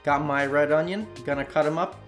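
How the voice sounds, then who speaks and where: A man's voice: a little high, brisk, fairly bright tone, soft background music. A man from Slovakia narrating a cooking voiceover in a casual, chatty way, talking straight to his viewers. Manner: casual, chatty, addresses viewers as "you guys". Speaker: cooking channel host. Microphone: voiceover recorded separately from the video.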